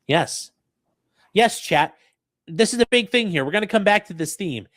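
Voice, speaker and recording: Man, legal commentary host, profane, sarcastic, animated, higher-pitched, dry recording. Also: moderate pace, no room sound. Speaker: host and lawyer commenting on a court case. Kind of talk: legal commentary stream, reading court records to chat.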